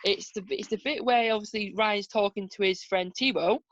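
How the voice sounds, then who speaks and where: A young woman hosting a casual review chat, briskly steering the discussion. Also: medium pitch, dull audio. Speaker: podcast host.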